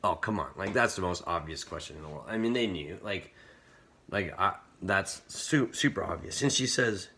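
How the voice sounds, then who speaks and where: A man with a low, husky voice delivers an earnest youth camp talk. His manner is casual and conversational, full of "like" fillers as he retells a story for teens. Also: lively intonation, measured pace, bright, forceful tone. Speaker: camp speaker.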